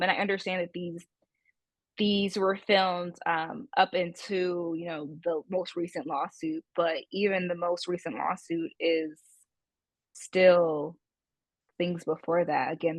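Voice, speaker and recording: Low-voiced woman co-hosting a podcast. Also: no echo. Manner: casual, questioning, frequent "like" fillers. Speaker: podcast co-host. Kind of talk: casual podcast discussion.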